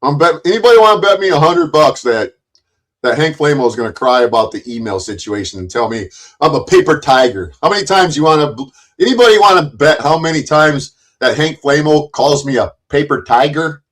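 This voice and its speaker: A man's voice: fairly high pitch, lively intonation, fairly quick. A man hosting a livestream, taunting guests and trading profane insults in a combative argument. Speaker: livestream host.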